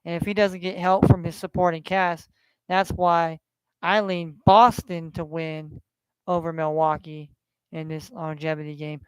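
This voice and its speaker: A man's voice: on the high side, flat delivery, unhurried, clear, resonant tone, no echo. A man from California hosting a casual sports betting stream, rambling and swearing as he repeats himself. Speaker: sports betting podcast host.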